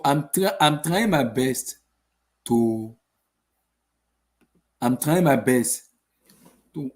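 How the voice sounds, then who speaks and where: A young man hosting a casual football channel, ranting after a match with exasperated rhetorical questions and lots of repetition. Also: medium pitch. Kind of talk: casual post-match rant.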